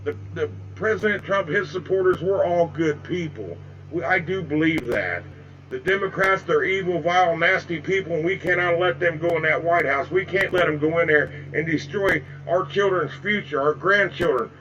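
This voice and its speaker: A man's voice: a little high, normal speed, fairly bright tone, dull audio, slight background noise. Angry older man ranting to viewers. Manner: angry, repetitive, folksy, addresses viewers as folks. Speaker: political video blogger. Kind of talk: impassioned direct-to-camera rant. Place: home with flags in the background.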